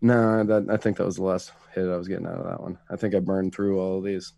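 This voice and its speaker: A man co-hosting a casual talk show, chatting with animated, indignant asides. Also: low voice, fast, creaky, no room sound. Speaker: co-host. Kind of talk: casual political chat.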